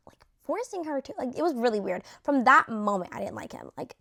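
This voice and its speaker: A young woman talks casually straight to her viewers, ranking reality show contestants. Her talk is loose and slangy and full of fillers. Her voice sits a little high. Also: lively intonation, brisk, creaky, fairly bright tone. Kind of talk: casual chat to camera.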